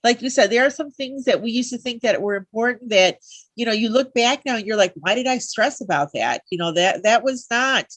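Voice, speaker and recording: A woman's voice: fairly high pitch, brisk, fairly bright tone, dry recording. A woman hosting a live interview show, heartfelt and chatty, with many fillers. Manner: heartfelt, lots of fillers and restarts. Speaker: talk show host.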